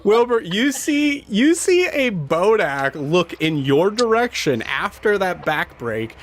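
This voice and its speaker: Man running a tabletop game, halting. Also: sits high, big pitch swings, slight background noise. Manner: halting, full of fillers and laughs. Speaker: game master.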